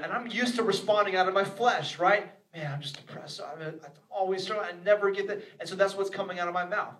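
A man's voice: sits high, a bit bright. A man preaching a sermon as pastor, earnest and repetitive, acting out the inner voices of his listeners. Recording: echoey room, voice from a distance.

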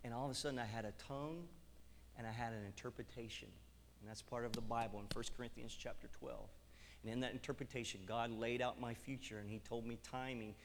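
A middle-aged man preaches to his congregation, telling a personal story with lively acted-out dialogue. His voice sits in a middle pitch and carries a long reverb from the hall. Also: slight background noise. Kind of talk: sermon with personal testimony. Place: church hall.

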